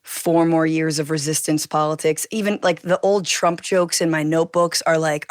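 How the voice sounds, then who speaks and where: A woman guest with a scathing, animated way of discussing politics in casual chat. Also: low voice, moderate pace, hardly any pauses, no room sound, clean studio sound.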